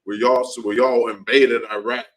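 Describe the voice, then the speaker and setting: A man's voice: mid-range voice, little pitch movement, normal speed, rough recording. A man teaching a class in an impassioned preaching style, heated and repetitive, his voice leaping upward when he gets worked up.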